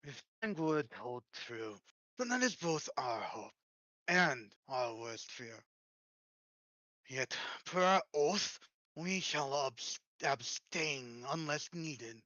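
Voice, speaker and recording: A man's voice: medium pitch, big pitch swings, slow pace, bright, forceful tone, no echo, highs cut off, full character voice. A man voicing a haughty ancient male underworld god who speaks in stern, archaic formal speech.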